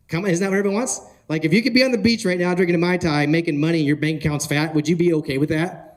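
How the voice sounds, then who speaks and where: A man giving an energetic talk at a conference, often asking the audience questions and joking with them. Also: high-pitched, rapid-fire. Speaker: conference speaker. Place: conference hall.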